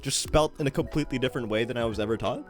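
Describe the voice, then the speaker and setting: A man's voice: mid-range voice, racing, faint music behind. A man streaming a guessing game, chatting casually, swearing freely and poking fun at himself. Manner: swears freely, animated and self-mocking. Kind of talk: casual live-stream commentary.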